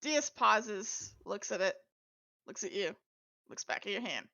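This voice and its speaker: A woman's voice: mid-range voice, lively intonation, a little slow, vocal fry, sharp tone. A woman narrating as the game master of a tabletop game, describing what characters do.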